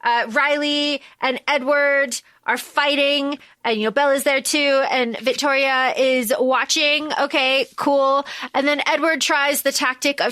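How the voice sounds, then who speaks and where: Podcast co-host, woman; casual, animated recap, dry close mic. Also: sits high, unhurried, hardly any pauses, no echo. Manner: animated, swearing, acts out lines in quotes. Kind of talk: casual movie recap chat.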